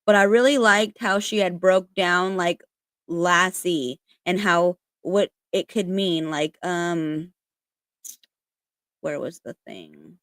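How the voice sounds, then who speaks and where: A woman's voice: lowish voice, takes it slowly, no room sound. Chatty, swearing woman with dry sound. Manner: chatty, swears casually, many fillers. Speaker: spiritual content creator. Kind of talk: casual chat, reading aloud.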